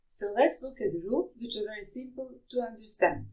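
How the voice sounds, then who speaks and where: A woman's voice: fairly high pitch, brisk, rough recording. A woman teaching pronunciation, spelling out rules and carefully over-articulating example words. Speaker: French teacher. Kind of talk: slow, deliberate pronunciation lesson.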